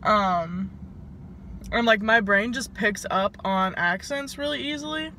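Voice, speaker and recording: A woman's voice: mid-range voice, sharp tone, slight background noise. A woman in her twenties with a Southern US accent, chatting casually to camera in a vlog and filling her sentences with "like". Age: 20s. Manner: chatty, fills every pause with "like". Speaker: vlogger.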